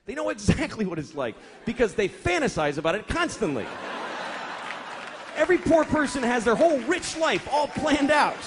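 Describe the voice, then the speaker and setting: A man's voice: very high-pitched, big pitch swings, normal speed, a crowd in the background, noisy background. A man doing a crude, exasperated stand-up routine on stage and acting out characters along the way. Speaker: stand-up comedian. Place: stage before a live audience. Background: audience laughter.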